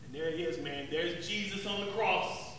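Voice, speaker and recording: A man playing a rough, remorseful zealot in a dramatic first-person monologue, talking in an emphatic, street-tough way and repeating words. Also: sits high, normal speed, fairly bright tone, a little hiss or hum. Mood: solemn. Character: rough, remorseful male zealot recalling the crucifixion. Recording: echoey hall, distant mic, faint ambience.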